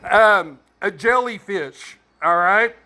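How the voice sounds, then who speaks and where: Bright-voiced man telling a rambling joke. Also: sits high, takes it slowly. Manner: rambling, folksy, lots of fillers. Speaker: storyteller.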